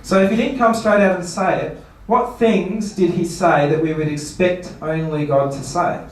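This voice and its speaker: Man preaching a seminar talk in a big echoey hall, mic set well back, fairly high voice. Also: fairly even intonation, normal speed. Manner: rhetorical questions, playful mock quotes. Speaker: pastor. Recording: echoey room, voice from far off.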